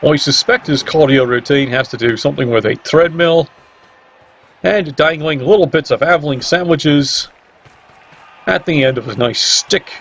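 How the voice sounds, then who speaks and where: A man's voice: fairly high pitch, moderate pace, fairly bright tone. A man commentating a video game match in a sarcastic, teasing way. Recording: dull lo-fi mic with faint hiss.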